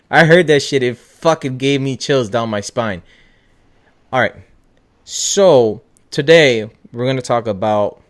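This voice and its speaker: Young man, podcast host, casual chat, excitable, swears a lot, mid-pitched voice.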